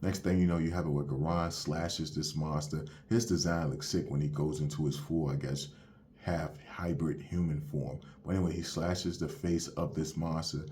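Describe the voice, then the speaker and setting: Deep-voiced man casually recapping manga. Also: steady tone, normal speed, mellow, slight background noise. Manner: loose and slangy, retelling the plot with "you have it where". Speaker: manga reviewer.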